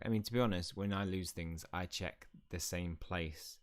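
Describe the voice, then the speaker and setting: A man's voice: low voice, normal speed, clear, resonant tone. A man hosting a game channel, chatting playfully and reading game dialogue aloud as he plays. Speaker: gaming channel host. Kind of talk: casual let's play commentary.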